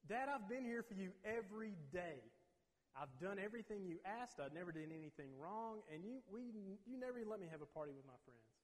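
A man's voice: sits high, expressive, brisk, voice pushed up. A man voicing a resentful older brother who complains to his father in a raised, strained voice. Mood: aggrieved. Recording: long reverb.

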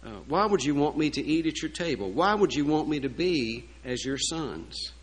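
A man's voice: fairly high pitch, expressive, normal speed, close to an everyday voice. A frightened, crippled young nobleman pleads in a raised, strained voice, as a preacher acts him out. He sounds humble and full of disbelief, his tone lifted above the preacher's own. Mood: pleading.

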